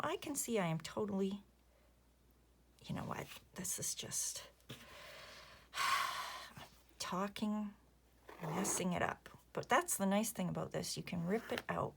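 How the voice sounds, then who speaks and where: A woman in her fifties chatting casually while she crafts, rambling softly and muttering asides to herself. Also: mid-range voice, vocal fry. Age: 50s. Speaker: crafting vlogger.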